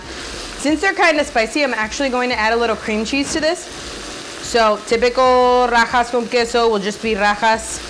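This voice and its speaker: A slightly high-voiced woman, a native Spanish speaker, runs a laid-back home cooking channel over a noisy background. Food sizzles in her kitchen as she chats brightly and tosses in jokes.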